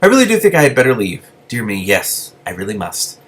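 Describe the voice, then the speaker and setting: A man's voice: fairly low pitch, huge pitch swings, fairly quick, fairly bright tone, slight background noise. A man voicing a small, fussy male lizard who talks down to everyone in a prim, scolding way. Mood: fussy surprise. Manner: prissy, scolding, easily flustered.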